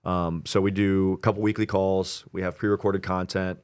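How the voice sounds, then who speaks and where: A man's voice: low-pitched, clear, resonant tone. A young man talking casually as an interview guest, telling stories animatedly and quoting himself. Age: young adult. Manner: animated storyteller, quoting himself, quick asides. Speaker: real estate investor guest.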